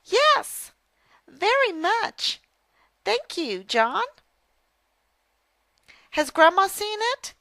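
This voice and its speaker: A woman voicing a cheerful little farm girl in a primer dialogue, with bright, eager exclamations. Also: extremely high pitch, big pitch swings, very slow, pauses often, no echo, voice pushed up, exaggerated voice. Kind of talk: reading a primer dialogue aloud.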